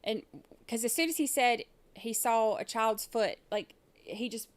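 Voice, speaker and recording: A woman's voice: fairly high pitch, unhurried. Chatty woman hosting live trial commentary. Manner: chatty, rambling, with many fillers. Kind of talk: casual livestream commentary.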